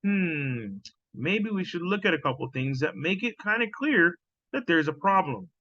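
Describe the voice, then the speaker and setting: Bright, sharp-voiced man, scornful podcast rant; dull dry recording. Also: fairly high pitch, sing-song, moderate pace, no room sound. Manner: scornful, profane, repeats himself. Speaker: podcast host reacting to clips. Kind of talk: casual commentary.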